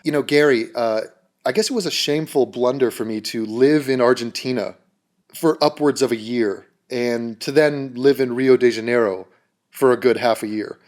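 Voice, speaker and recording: A man's voice: medium pitch, normal speed, a little mellow. A man delivering a mocking, sarcastic vlog rant straight to camera. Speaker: YouTuber.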